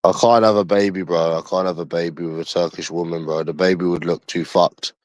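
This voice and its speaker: A man's voice: sits low, fairly even intonation, brisk, darkish tone, no room sound. A man with a London accent in rambling, casual livestream chat, crude and full of swearing.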